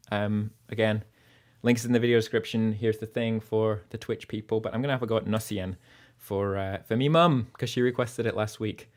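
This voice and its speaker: Rambling man with a Lancashire accent. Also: fairly low pitch. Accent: Lancashire English, partly North American. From Burnley, England. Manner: rambling and chatty, with many fillers. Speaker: livestream musician host. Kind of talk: casual chat between songs.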